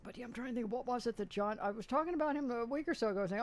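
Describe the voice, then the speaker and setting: This man hosts a radio show and talks fast in a very high-pitched voice. He chats loosely with a caller on air, wandering through details with lots of filler words.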